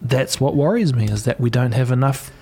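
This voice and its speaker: A man's voice: medium pitch, fairly quick, gravelly, dark tone, slightly rough. A man hosting a podcast, musing earnestly in casual conversation. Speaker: podcast host.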